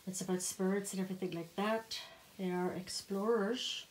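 A woman's voice: medium pitch, fairly even intonation, moderate pace, slight background noise. Breathless Northern Irish woman chatting. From Northern Ireland. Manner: rambling, with soft half-whispered asides. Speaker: vlogger. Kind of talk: casual chat to camera.

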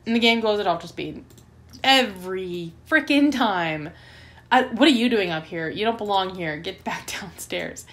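A woman's voice: medium pitch, animated, normal speed, a bit bright. A woman hosting a let's play, giving chatty gameplay commentary and getting easily flustered and melodramatic.

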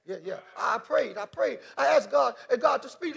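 A man's voice: extremely high pitch, expressive, normal speed, vocal fry, few pauses, fairly bright tone, husky. A man preaching a fervent sermon from a church stage, repeating phrases, calling out praise and stumbling through restarts. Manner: stammering restarts. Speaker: bishop preaching.

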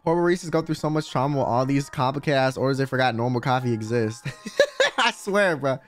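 A man's voice: mid-range voice, fairly even intonation, quick pace, faint music behind. A man streaming a game, chatting casually and animatedly with frequent swearing and laughter.

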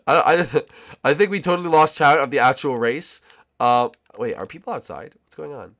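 A young man chats his way through a game session, playful and full of teasing banter. His voice sits at an ordinary pitch and jumps now and then into loud excited bursts. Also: brisk. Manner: playful, jokey banter with sudden loud outbursts. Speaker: gaming channel host. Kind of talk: casual gameplay commentary.

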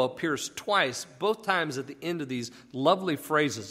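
A man's voice: a little high, very animated, moderate pace, bright, forceful tone. A man casually teaching a Bible passage, explaining conversationally and asking rhetorical questions. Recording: long echoey reverb.

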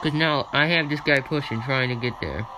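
A man giving let's-play commentary on a racing game, swinging between loud cheers and grumbling mutters. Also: medium pitch, moderate pace. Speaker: gamer playing a racing management game. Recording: noticeable background noise.

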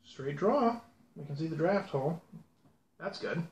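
A man's voice: a little high, animated, unhurried, a little mellow, highs cut off. Chatty man in an echoey room. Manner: rambling, chatty, self-deprecating asides. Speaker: pipe-smoking channel host. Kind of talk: casual unboxing commentary. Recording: echoey room with faint background noise.

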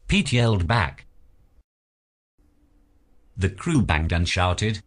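A man reading a children's picture book aloud as narrator, in an expressive storybook manner. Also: fairly low pitch, slow, pauses often, breathy edge.

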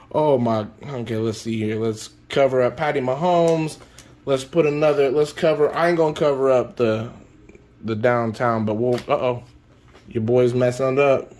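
A man hosting a card-opening video, chatting casually and breaking into excited shouts and laughter over his pulls. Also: fairly high pitch.

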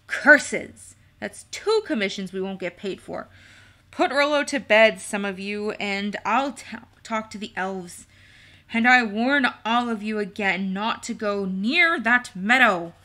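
A fussy little kobold boss snaps and grumbles in a bright voice, as a woman puts him on. His lines come slow and deliberate in a storybook reading. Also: mid-range voice. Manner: snappish, grumbling. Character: fussy adult male kobold leader, small and blue.

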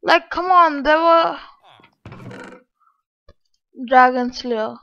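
A woman's voice: sits high, extremely slow, creaky, pushed and bright. A woman giving casual game commentary, complaining aloud to her viewers in an exasperated way. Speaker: gaming channel host. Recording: dull lo-fi.

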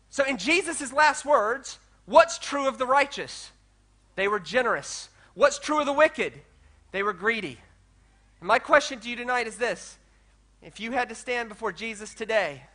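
A male pastor delivers a sermon in a strikingly high voice. His tone is bright and cutting, and it climbs to loud, animated declamation as he reads scripture. He slips quoted voices into his preaching without leaving his own voice. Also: normal speed.

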